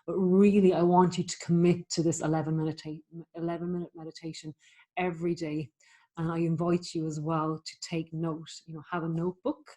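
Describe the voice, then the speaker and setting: A woman teaching meditation, explaining the practice in a gentle, encouraging, chatty way with plenty of fillers. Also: sits low. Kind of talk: spoken meditation instruction.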